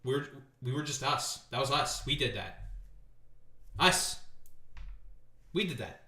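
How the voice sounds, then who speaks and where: Casting: guy streamer, bright forceful voice, profane and sarcastic, roomy sound. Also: medium pitch, animated, unhurried. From Canada. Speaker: streamer host. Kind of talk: casual political commentary. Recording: roomy echo.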